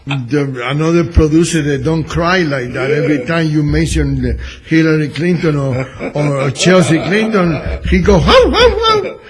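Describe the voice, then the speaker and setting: Fairly high-voiced guy guesting on talk radio, joking around, loose grammar. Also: normal speed, few pauses, a crowd in the background. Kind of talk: casual political talk radio.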